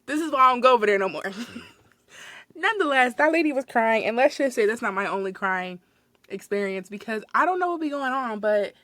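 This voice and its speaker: A young woman hosting a podcast, telling retail stories in a sassy, animated, profane way. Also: fairly high pitch, a little fast, dry recording. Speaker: podcast host, retail manager. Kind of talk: casual storytelling.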